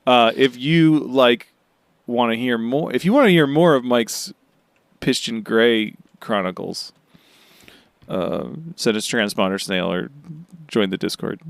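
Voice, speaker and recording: A man's voice: medium pitch, a little slow, creaky, no room sound. A man co-hosting a podcast in casual chat, jokey and rambling, on a close mic. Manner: jokey, rambling with fillers and laughs. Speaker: podcast co-host.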